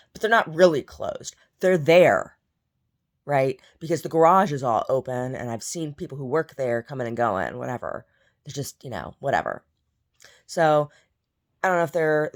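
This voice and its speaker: A woman with a gravelly bass voice vlogs in a loose, rambling way. She repeats words and mutters little asides to herself as she chats.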